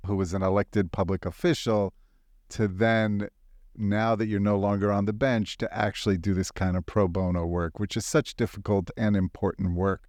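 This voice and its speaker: A man's voice: on the low side, little pitch movement, moderate pace, a little mellow, no echo, studio quality. A man hosting a legal podcast, asking long, lawyerly clarifying questions. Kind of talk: podcast interview.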